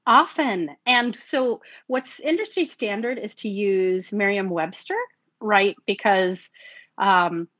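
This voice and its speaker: A lively woman narrator talks shop in an interview, slipping into little acted-out quotes of herself and laughing often. Her voice sits at a middle pitch and sounds dry and close, with no room around it. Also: takes it slowly, no echo. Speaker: audiobook narrator. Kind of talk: conversational interview.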